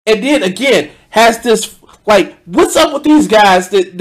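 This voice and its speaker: Excitable high-pitched man ranting at a video. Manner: animated, profane, interrupting with sudden loud outbursts; reads out donation thanks. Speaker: streamer reacting to a video. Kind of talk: casual reaction commentary.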